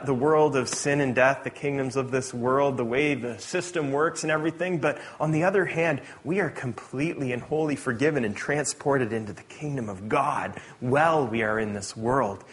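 A man preaching a sermon in a conversational, animated way, correcting himself with quick asides. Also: on the high side. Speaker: pastor.

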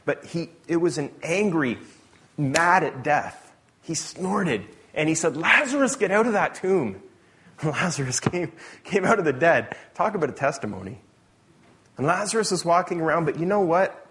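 A man preaching a sermon in a conversational, animated way, correcting himself with quick asides. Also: a little high, background noise. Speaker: pastor.

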